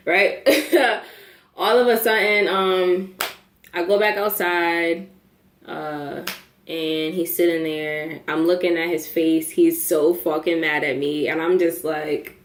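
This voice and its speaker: A young woman telling a story to camera, profane and animated, laughing as she goes. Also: fairly low pitch, unhurried. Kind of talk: casual storytime. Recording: echoey room.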